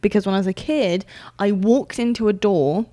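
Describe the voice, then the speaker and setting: A woman's voice: mid-range voice, normal speed. A woman co-hosting a podcast in casual chat, telling stories with plenty of laughter and acting out what she said back then. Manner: animated storyteller, laughs often, acts out her own past lines. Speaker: podcast co-host.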